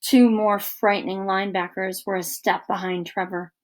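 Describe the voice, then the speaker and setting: A woman narrating a children's book aloud in an expressive, lively storytelling manner. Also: medium pitch, moderate pace. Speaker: audiobook narrator.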